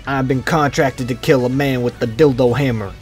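A man's voice: medium pitch, steady tone, moderate pace, faint music behind. A young man giving goofy, slangy comedic commentary over his own gameplay, trash-talking the other players. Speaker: gaming video creator.

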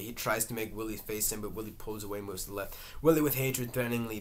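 A man reading a play's stage directions aloud, halting now and then. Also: fairly low pitch, steady tone. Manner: halting, with fillers and restarts. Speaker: reader.

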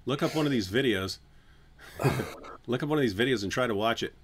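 A man's voice: mid-range voice, a little fast, slight background noise. A man hosting a casual livestream, joking around and now and then breaking into a crooning bit of song. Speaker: channel host.

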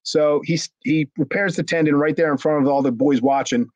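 A middle-aged former pro wrestler casually tells a story in an interview, swearing freely and acting out the people involved. His fairly high, slightly mellow voice is a little fast with fairly even intonation. The lo-fi recording is dry and slightly dull, with no room sound.

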